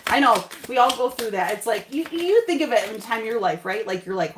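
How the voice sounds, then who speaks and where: A woman with a fairly high voice gives a casual, chatty tarot reading straight to her viewers. She reassures them warmly and repeats her phrases for emphasis. The room around her rings with echo. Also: brisk, few pauses, slight background noise. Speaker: tarot reader. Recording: echoey room.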